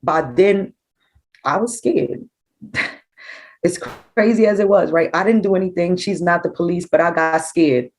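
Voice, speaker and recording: A middle-aged woman, a grieving mother recounting events in an interview, animated and acting out what people said. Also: fairly low pitch, measured pace, long pauses, rough recording. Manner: animated, acts out quoted dialogue. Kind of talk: emotional personal storytelling.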